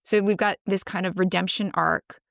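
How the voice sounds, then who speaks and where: A woman's voice: mid-range voice, steady tone, moderate pace, creaky, no echo, studio quality. A woman co-hosting a podcast, chatting enthusiastically about a film, analyzing it and laughing often. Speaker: podcast co-host. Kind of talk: casual movie discussion.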